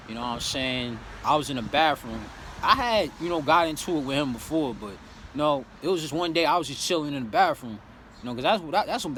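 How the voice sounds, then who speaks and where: A man's voice: mid-range voice, slight background noise. A young man vlogging his life story, blunt and profane, often dropping "you know what I'm saying" and turning heated as he relives his anger. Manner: grows heated and loud when reliving anger. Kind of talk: candid personal storytelling.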